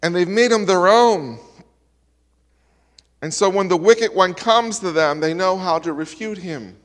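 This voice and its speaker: A man's voice: high-pitched, a little slow, a bit bright. A man preaching a sermon as pastor, emphatic and building his points with repeated parallel lines. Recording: reverberant hall.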